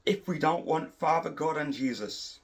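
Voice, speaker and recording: A man's voice: on the high side, moderate pace. A middle-aged man giving an impassioned preaching monologue, repeating and restarting his phrases for emphasis. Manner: repetitive, emphatic, with frequent restarts. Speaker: Christian preacher.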